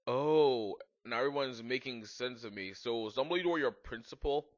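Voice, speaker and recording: A man's voice: medium pitch, normal speed, natural voice. A man voicing a ditzy, self-absorbed goth teenage girl in a breezy, airheaded way. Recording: dull lo-fi home mic.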